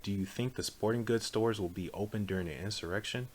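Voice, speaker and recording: A man reading a political text aloud in a measured, earnest, declarative way. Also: on the low side, a little mellow. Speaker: audiobook reader.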